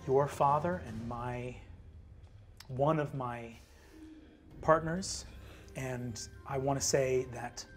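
A man voicing a rough but caring adult woman ranger who talks earnestly, swears freely and hurries through apologies. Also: mid-range voice, a bit bright. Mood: remorseful.

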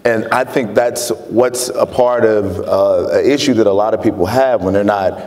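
Speaking at a moderate pace in a fairly low, darkish voice, a guest author from Chicago shares his story earnestly during an onstage interview. He laughs frequently, with an audience present and the long reverb of a lecture hall around him.

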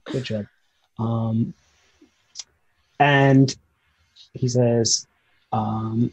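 Brief: husky GM, halting narration with fillers. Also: male voice, mid-range voice, a little mellow, low-quality recording. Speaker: game master. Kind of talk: narrating a tabletop game.

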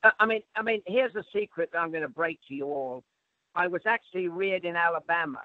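Un hombre de acento inglés, autor invitado, que charla en tono bromista con los presentadores. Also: male voice, sits high, brisk, phone-quality sound, noisy background. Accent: English. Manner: jokey, self-mocking. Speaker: guest, author. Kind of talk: casual chat on a phone call.

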